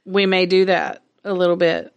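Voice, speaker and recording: A woman's voice: on the low side, little pitch movement, moderate pace, lo-fi sound. A woman co-hosting a podcast in casual chat, laid-back and self-mocking, laughing often. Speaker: podcast co-host.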